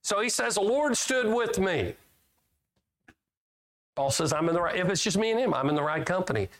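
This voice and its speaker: A man's voice: high voice, animated, normal speed, a bit bright. A male preacher giving a sermon in a folksy way, reading scripture aloud and asking his listeners questions. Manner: folksy, asks the congregation questions; reads scripture aloud with rising emphasis.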